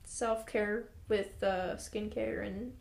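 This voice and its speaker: A woman's voice: mid-range voice, steady tone, takes it slowly, creaky, a little mellow, roomy sound. A young woman co-hosting a podcast, chatting casually and sarcastically with many fillers. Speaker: podcast co-host.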